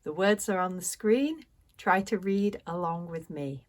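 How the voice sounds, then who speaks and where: A woman with a British accent teaching English pronunciation, speaking clearly and deliberately with pauses for learners to repeat. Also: lowish voice. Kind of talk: slow pronunciation lesson.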